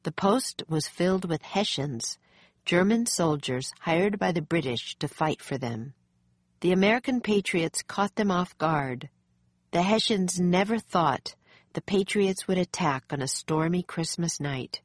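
A woman narrating a children's storybook in a calm, measured way. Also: fairly low pitch, dry recording, clean studio sound. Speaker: audiobook narrator.

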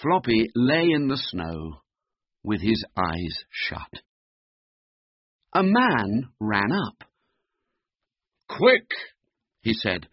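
A man reading a children's picture book aloud in a slow, lively, expressive way. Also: on the low side, dry recording. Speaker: storyteller. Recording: dull, muffled recording.

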